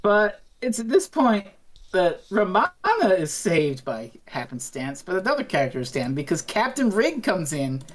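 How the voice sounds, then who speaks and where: A woman's voice: fairly low pitch, big pitch swings, moderate pace. A woman co-hosting a podcast, recapping an episode in a playful, giggly way and acting out the characters' lines. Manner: playful and giggly, acting out scenes in quoted voices. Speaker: podcast co-host. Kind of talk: casual chat, recapping an episode.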